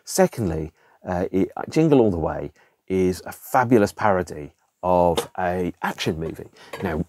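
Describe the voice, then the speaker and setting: A man's voice: low voice, lively intonation, normal speed, noisy background. A man hosting a casual podcast, reviewing films in an exasperated, emphatic way with rhetorical questions and the odd swear word. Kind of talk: casual chatty film review.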